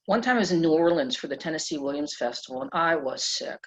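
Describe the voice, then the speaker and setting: A middle-aged woman author being interviewed at a press club event, telling stories in an animated way and laughing often. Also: low-pitched, quick pace, husky. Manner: animated, laughs often, acts out quoted voices. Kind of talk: conversational storytelling. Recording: dull lo-fi event recording.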